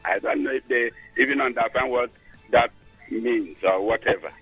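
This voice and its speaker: A Nigerian man calling into a radio show, talking emphatically and growing excitable. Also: medium pitch, moderate pace, husky, dry recording, highs cut off, faint music behind. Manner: emphatic, excitable, rising into shouts. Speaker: caller. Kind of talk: phone-in call.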